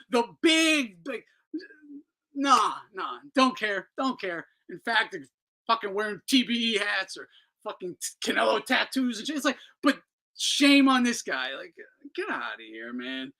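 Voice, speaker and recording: Male boxing talk host, fiery profane ranter, bright cutting voice. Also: extremely high pitch, expressive, unhurried, poor audio. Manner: heated, profane, ranting. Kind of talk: ranting commentary.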